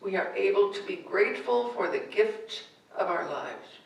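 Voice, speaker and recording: Gentle woman preacher, unhurried with a gravelly edge, recorded from afar in a reverberant sanctuary. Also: medium pitch, lively intonation, dull audio. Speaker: spiritual director. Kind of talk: sermon. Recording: echoey hall from far off.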